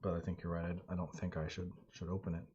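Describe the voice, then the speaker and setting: A nervous young man who is unsure of his task and seeking advice, as a man voices him. He stumbles over his words and repeats himself, in a husky, mellow, fairly low voice. The audio is dull and lo-fi. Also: little pitch movement, quick pace. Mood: anxious.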